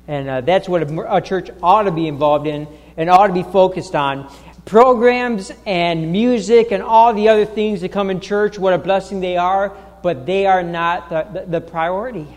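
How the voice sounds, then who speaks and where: A man preaching a sermon as pastor, talking haltingly with many restarts and fillers and pressing his points home with insistence. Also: high voice, long reverb tail. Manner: grows emphatic and insistent. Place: church sanctuary.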